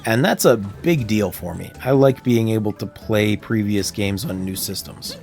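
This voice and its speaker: A man's voice: lowish voice, normal speed, creaky, a little mellow, soft background music. A Canadian man chatting casually while livestreaming a game, telling stories and laughing often. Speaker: streamer. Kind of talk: casual gameplay livestream chat.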